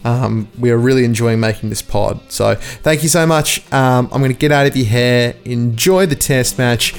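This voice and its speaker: A man's voice: mid-range voice, normal speed, vocal fry, smooth. A man hosting a cricket podcast, chatty and jokey, talking straight to his listeners. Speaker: podcast host. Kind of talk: casual podcast sign-off.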